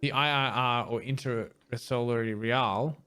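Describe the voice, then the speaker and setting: With a smooth, sharp-toned, medium-pitched voice at a measured pace, a man hosts a let's play. He reads game dialogue in a plain manner, punctuated by wry asides, and occasionally stumbles on tough words.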